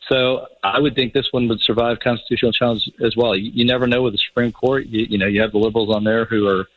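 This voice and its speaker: A man answering interview questions as a radio guest, measured and halting, with frequent fillers. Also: mid-range voice, fairly even intonation, dull audio. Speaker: phone-in guest official.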